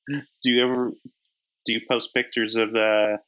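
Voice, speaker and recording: A man who works as an editor and publisher, a guest chatting in a relaxed way and laughing easily. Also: medium pitch, low-quality recording. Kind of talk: casual chat.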